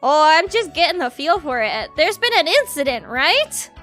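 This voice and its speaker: A woman voicing a theatrical young bird playing detective, dramatic and prone to shouting. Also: sits high, sing-song, normal speed, faint music behind, full character voice.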